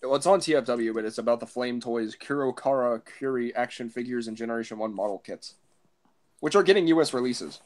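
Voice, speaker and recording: A man's voice: mid-range voice, a little fast, a little mellow. Young male co-host, easygoing and explanatory. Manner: laid-back, explains details. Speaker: podcast co-host. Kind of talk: casual chat.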